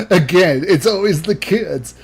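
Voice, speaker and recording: A man giving amused, joking commentary while watching a video. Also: fairly high pitch. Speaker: reaction show co-host.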